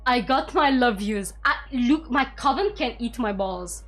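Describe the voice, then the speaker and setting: A woman streamer gushing emotionally and excitedly while commenting on a game. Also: a little high, unhurried, faint music behind.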